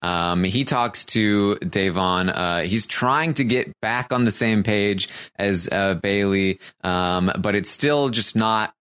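Low-voiced man recapping with many ums. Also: slow, hardly any pauses, a bit bright, clear, resonant tone, no room sound, clean studio sound. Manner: hesitant, many fillers and restarts. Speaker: podcast host. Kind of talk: casual recap chat.

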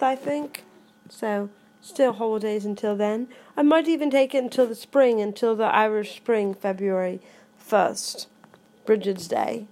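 A woman's voice: mid-range voice, a little mellow. A woman in a casual vlog, chatting and reading aloud from a daily recovery book, rambling with frequent self-corrections.

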